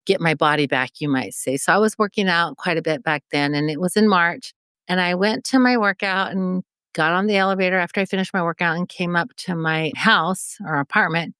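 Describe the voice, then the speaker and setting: A woman's voice: fairly low pitch, brisk, fairly bright tone, clean tone, no echo. A woman in her forties from Mexico, a podcast guest telling an emotional personal story and acting out the dialogue. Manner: vivid, acts out remembered dialogue.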